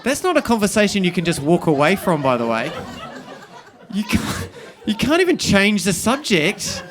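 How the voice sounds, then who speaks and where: Higher-voiced New Zealand man telling stories. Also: wildly swooping pitch, moderate pace. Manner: rambling, self-deprecating, acts out scenes, breaks into shouting. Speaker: stand-up comedian. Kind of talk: stand-up storytelling. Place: stage at a live comedy show.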